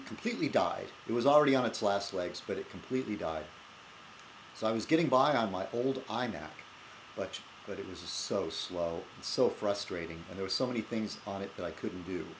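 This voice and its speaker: A man's voice: lowish voice, a little hiss or hum. A man hosting his own casual video blog and rambling in a self-deprecating way with frequent chuckles, recorded on a laptop webcam. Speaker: video blogger host. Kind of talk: casual vlog chat.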